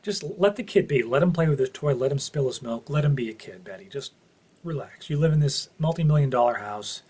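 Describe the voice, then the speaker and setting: A man's voice: mid-range voice, fairly quick, darkish tone, husky. A man giving an earnest, opinionated spoken review of a TV episode, thinking aloud as he goes.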